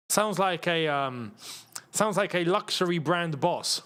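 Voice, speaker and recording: A man hosting a live football watchalong, chatty and rambling, with excitable bursts at the match action. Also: fairly high pitch, normal speed. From England. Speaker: football channel host.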